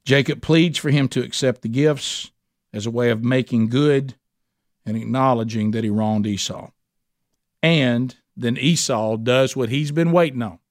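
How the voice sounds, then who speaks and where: A man's voice: mid-range voice, measured pace, no room sound, clean studio sound. A male pastor preaching a sermon in a folksy, conversational way, often asking the listeners questions.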